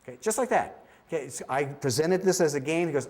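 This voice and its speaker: A man's voice: fairly high pitch, fairly quick. A middle-aged man giving a training talk on screening children's hearing, telling stories and acting out the children and the test beeps. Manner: animated storyteller, acts out child voices and beeps. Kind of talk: training presentation with demonstrations.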